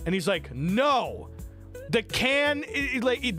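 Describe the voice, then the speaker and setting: A young man streaming from home into a desk microphone, telling a story in a casual, animated way, swearing often and acting out what others said. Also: sits high, unhurried, soft background music.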